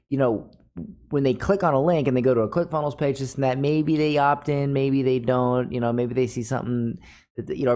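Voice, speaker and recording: A man's voice: medium pitch, mellow. A man teaching a marketing course as a casual screen-share tutorial, often restarting his sentences. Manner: casual, restarts often, fillers, says "y'all".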